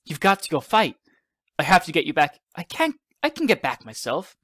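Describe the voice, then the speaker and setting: A man voicing a spirited young girl, pleading insistently in a higher voice. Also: wildly swooping pitch, normal speed, no echo, studio quality.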